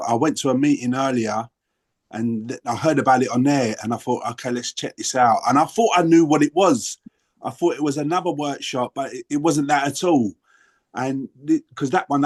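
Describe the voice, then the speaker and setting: A man in his sixties speaks with a London accent. He is sharing his story at a recovery workshop. He talks in a meandering, earnest way, often breaking off and restarting his sentences. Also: medium pitch. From England. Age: 60s. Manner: rambling, self-interrupting, earnest. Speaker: workshop participant. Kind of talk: casual sharing on a video call.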